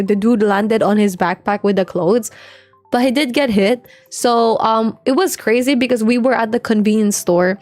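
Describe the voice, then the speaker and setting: A woman's voice: mid-range voice, a little mellow, dry recording. A young woman from the Philippines, chatting casually and swearing freely while she streams a game. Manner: loose and chatty, swears freely, heavy use of filler "like". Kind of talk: casual livestream chat while gaming.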